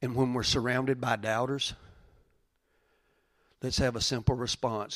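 A middle-aged male pastor preaching a sermon, dropping to quiet, hushed lines and then rising to loud, fervent preaching. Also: medium pitch, level tone, a little slow, pauses often, no room sound, clean studio sound.

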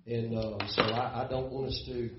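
Folksy, emotional middle-aged pastor preaching. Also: male voice, medium pitch, little pitch movement, normal speed, very noisy. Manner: emotional, folksy, repeats words. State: tearful. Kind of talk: sermon. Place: church sanctuary. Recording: roomy, dull church sound.

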